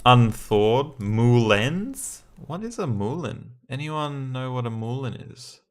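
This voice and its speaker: A man's voice: medium pitch, animated, slow pace. A man hosting a casual livestream, chatty, thinking aloud and laughing often as he plays word games. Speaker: streamer and host.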